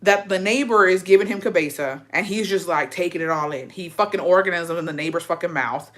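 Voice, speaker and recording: Recapping a show in a relaxed way, this young woman vlogger swears freely and performs the characters' dialogue with animated, put-on quotes. Her voice is fairly low and brisk.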